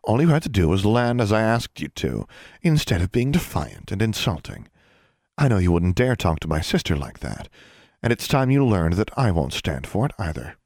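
A man voicing a stern, icy older female witch inquisitor, calm and clipped, in a dry, close recording. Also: fairly low pitch, moderate pace, no echo. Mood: lecturing. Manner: cold, clipped, calmly threatening. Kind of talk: audiobook character reading.

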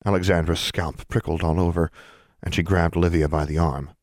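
A man narrating an audiobook in an even, measured storytelling manner that hushes for suspense. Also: sits low, no room sound, clean studio sound. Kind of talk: scripted narration.

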